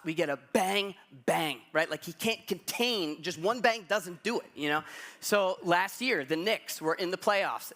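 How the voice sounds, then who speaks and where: Bright, high-voiced pastor telling a story. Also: male voice. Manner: animated storytelling with casual asides. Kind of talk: sermon. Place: church.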